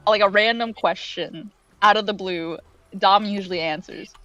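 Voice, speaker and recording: A woman's voice: medium pitch, moderate pace, a bit bright, no echo, faint music behind. Woman, casual panel chat, rambly filler-heavy talk, dull lo-fi call sound. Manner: rambling, many "like" fillers, laughs often. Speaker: game developer on a panel.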